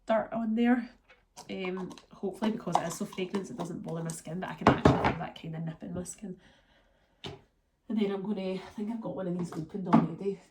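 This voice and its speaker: A woman's voice: on the low side, very noisy. A Scottish woman vlogging in a casual, rambling chat, sounding congested and run down from being ill. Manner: chatty, rambling, lots of fillers.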